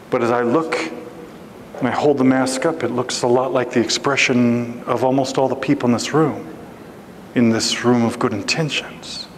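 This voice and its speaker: A man preaching a storytelling sermon as guest preacher, animated and acting out the voices in his story. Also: echoey room, in a large hall, a little hiss or hum, poor audio. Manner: animated, acts out voices with big pitch jumps. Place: church sanctuary.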